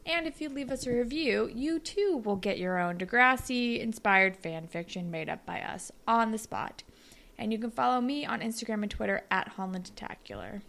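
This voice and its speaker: Gravelly young woman podcast host. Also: fairly high pitch, moderate pace, a bit bright. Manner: rambling, filler-heavy, improvised storytelling. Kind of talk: casual chat.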